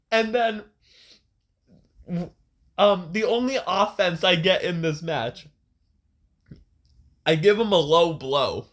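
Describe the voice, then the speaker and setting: A young man co-hosting a podcast, telling a story in casual, profane, animated chat with frequent laughs. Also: on the high side. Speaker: podcast co-host. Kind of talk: casual chat, retelling a match.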